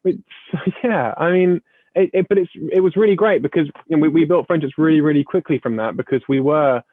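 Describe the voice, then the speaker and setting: A young actor chatting in an interview, rambling and modest with frequent stuttered restarts. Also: male voice, on the high side, brisk. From United Kingdom. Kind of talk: casual interview chat. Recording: tinny phone-like line.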